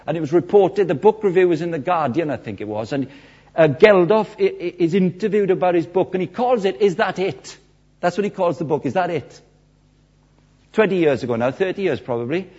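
Animated preacher with a husky voice. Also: male voice, a little fast. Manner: animated storytelling, acts out quotes with big swings in pitch and loudness. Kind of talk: sermon. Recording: dull lo-fi sermon recording.

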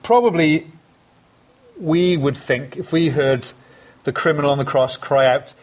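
A man's voice: on the high side, unhurried, a little mellow. A man preaching a sermon, earnest and conversational, with emphatic asides to his congregation.

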